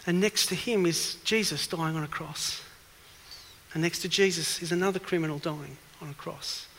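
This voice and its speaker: This evening sermon comes from a man whose voice is a little high and a bit bright, speaking at normal speed. He poses questions and hammers his points with growing force, the church hall adding a long reverb.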